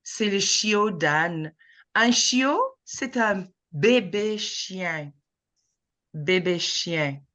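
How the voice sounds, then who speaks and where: Slow-speaking woman teaching French. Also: fairly low pitch, animated, fairly bright tone. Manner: slow, patient, mixes French and English. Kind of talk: online language class.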